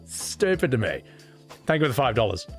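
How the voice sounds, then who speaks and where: A man's voice: medium pitch, big pitch swings, brisk, soft background music. A man livestreaming, chatting casually and reading donation messages. He rants with profanity and strong opinions. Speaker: streamer.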